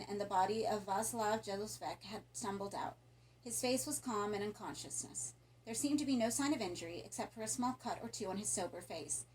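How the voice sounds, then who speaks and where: A woman reading a horror story aloud in a calm, even narration. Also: medium pitch, slight background noise, low-quality recording. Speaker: audiobook narrator.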